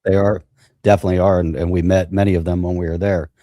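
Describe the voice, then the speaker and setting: A man's voice: sits low, flat delivery, fast talker, dark tone, no echo. A man co-hosting a casual chat, asking questions and nodding along with brief agreements. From United States. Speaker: co-host.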